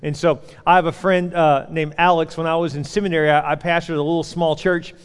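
High-voiced preacher man in a reverberant hall. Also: fairly quick, clean tone. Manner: animated storytelling, acts out voices. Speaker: pastor. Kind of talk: sermon. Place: church auditorium.

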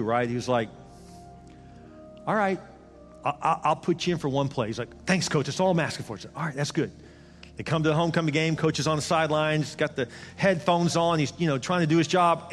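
A man preaching a sermon, telling a story with acted dialogue and building to an emphatic call. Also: on the high side. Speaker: pastor. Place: church auditorium. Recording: large hall reverb with faint music.

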